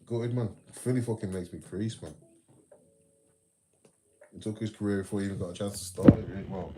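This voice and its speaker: A man's voice: lowish voice, a little fast, mellow, a little hiss or hum, low-quality recording. A man from England, bantering with viewers on a casual livestream in sweary, slangy chat. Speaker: livestream host. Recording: music playing behind the voice.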